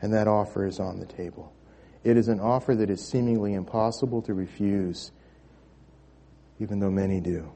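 Male pastor, warm mellow voice, emphatic sermon delivery with repeated words. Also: lowish voice, fairly even intonation, moderate pace. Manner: emphatic preaching with swelling intensity and repeated words.

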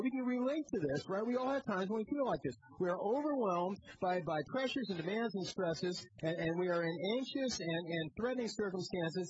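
A male pastor giving a sermon, telling the story in a lively way with many repeated words and restarts. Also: high voice. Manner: animated storytelling, rising to loud excitement. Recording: dull lo-fi sound with faint noise.

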